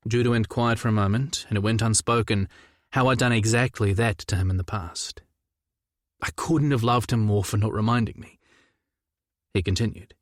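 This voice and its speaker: A man's voice: fairly low pitch, moderate pace, no echo. A young adult man narrating a novel in the first person, with a wry, dry storytelling manner. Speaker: audiobook narrator.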